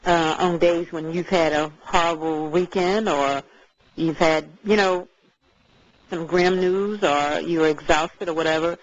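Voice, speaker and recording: A woman chatting casually as co-host, talking in a measured, thoughtful way with some hesitant fillers. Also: fairly low pitch, dull audio. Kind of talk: casual conversational chat.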